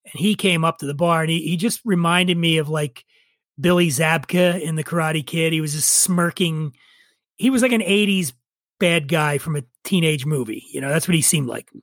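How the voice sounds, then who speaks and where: A man's voice: on the high side, no echo. A man in his forties, a podcast guest, telling a rambling story with profane, wry asides. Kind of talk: casual storytelling chat.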